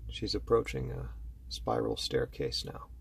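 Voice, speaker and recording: Slow, hushed man narrating horror. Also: lowish voice, sing-song, creaky, slightly rough. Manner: slow, hushed, dramatic, building tension. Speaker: storyteller.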